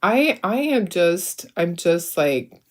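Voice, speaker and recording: A woman's voice: fairly low pitch, sing-song, slow pace. Middle-aged lady on her craft stream, chatty and emotional, keeps restarting sentences. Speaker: craft channel host. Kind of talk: casual livestream chat while crafting.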